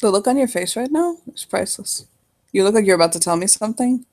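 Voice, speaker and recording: A woman's voice: medium pitch, expressive, fast talker, a little mellow. A woman narrating her characters in a casual role-play, swearing freely and laughing often.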